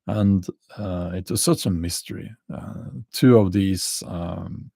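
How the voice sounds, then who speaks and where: Slow, gravelly Norwegian man chatting. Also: sits low, steady tone, warm tone, no echo. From Norway. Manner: halting, many fillers and restarts, chuckles dryly. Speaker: livestream host answering chat questions. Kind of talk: casual livestream chat.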